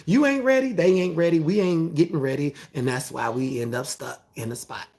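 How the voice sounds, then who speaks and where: A man preaching a motivational sermon, emphatic and repetitive, with a gravelly voice. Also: fairly high pitch, a little fast, a little mellow, faint music behind. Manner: emphatic, repetitive, call-and-response phrasing.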